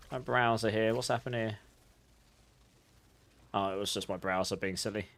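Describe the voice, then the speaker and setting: A man's voice: medium pitch, fairly bright tone. Chatty man streaming a game. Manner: chatty, laughs often, talks to chat and his cat. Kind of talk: live gameplay commentary.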